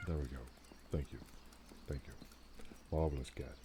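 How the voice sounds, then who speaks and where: A man's voice: very deep voice, fairly even intonation, a little slow, pauses often, noisy background. A man streaming a strategy game live, playfully making meowing noises while he chats. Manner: playful, silly cat noises. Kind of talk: live gameplay commentary.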